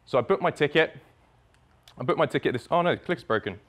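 A man's voice: on the high side, expressive, fast. A young man telling a personal story in the present tense as a speaker at a summit, swearing freely. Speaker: speaker at a fitness business summit. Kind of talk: storytelling keynote talk.

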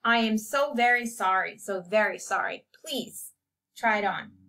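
A loud, blustering drunk party host who repeats himself and pushes people around, as a woman reading the story puts him on. He talks high and loud for a man in this storybook reading. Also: unhurried, gravelly, slight background noise.

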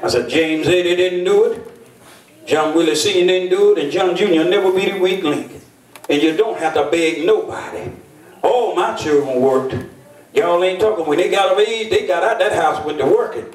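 A man's voice: high voice, moderate pace, a little mellow. An older man preaching as a bishop, telling folksy stories and calling for responses from his congregation. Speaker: bishop and pastor. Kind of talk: sermon. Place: church. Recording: echoey church from a distance.

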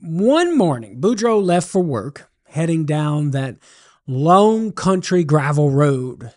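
Cajun-accented male radio host, animated pitch, teacherly storyteller. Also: takes it slowly. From southern Louisiana. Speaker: radio host and Catholic apologist. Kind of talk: radio talk explaining beliefs.

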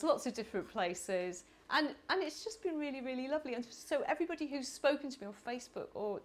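A middle-aged woman from the United Kingdom speaking at a conference, animated and chatty with laughing asides. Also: on the high side. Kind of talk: conference talk. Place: conference hall.

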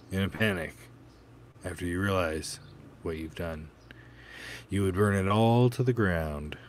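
Man doing a cold, threatening vigilante, very low voice, slow and pointed, audiobook read. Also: a little hiss or hum. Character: cold menacing male vigilante, calm and threatening.

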